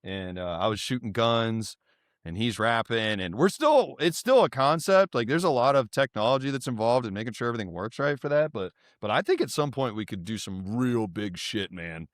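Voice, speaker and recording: A man in his thirties, a podcast guest, telling lively stories in casual chat and mimicking his friends' voices. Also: medium pitch, moderate pace, no echo, studio quality. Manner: animated, mimics voices when quoting friends. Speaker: guest, content creator. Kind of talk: casual storytelling.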